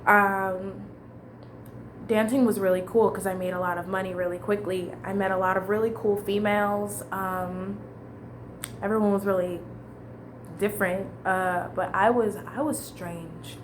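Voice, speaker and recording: A young woman tells her story in a loose, candid ramble, full of restarts and casual swearing. Her voice sits at a middle pitch, with faint noise in the background. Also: fairly even intonation, a little slow. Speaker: vlogger.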